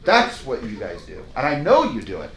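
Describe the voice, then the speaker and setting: At a moderate pace and in a mid-range voice, a man leads real estate agents through a live sales training. His style is energetic and emphatic, and he acts out exchanges with clients. The setting is a training room with a whiteboard.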